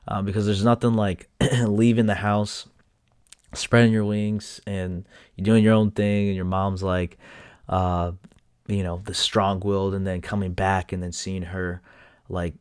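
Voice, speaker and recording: A young man tells a personal story in a halting, emotional way, with many fillers and drops to a near-whisper. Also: low voice, flat delivery, a little mellow, clear, resonant tone, no room sound, clean studio sound. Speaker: vlogger.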